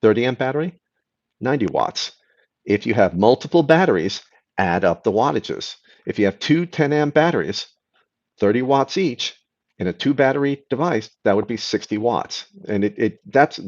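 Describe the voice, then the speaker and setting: Guy doing a live stream q&a, medium voice, kinda muffled lo-fi sound. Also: mid-range voice. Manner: explains patiently, answers chat questions, trails off and restarts.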